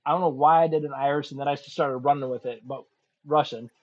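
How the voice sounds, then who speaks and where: A man's voice: on the high side, steady tone, fast. A man running a tabletop game as game master, crude and joking, with a sore throat from a cold. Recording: muffled lo-fi recording.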